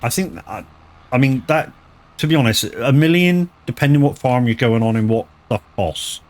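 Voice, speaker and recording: A man's voice: medium pitch, moderate pace, darkish tone. A man chatting casually on a live gaming stream, rambling, stumbling over words and swearing freely. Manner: rambling, swears freely, lots of restarts and stammers.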